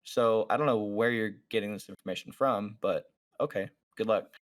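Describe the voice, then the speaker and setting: A podcast host with a lowish voice tells a story at a moderate pace in casual chat. He acts out what each person said and fills his speech with lots of fillers.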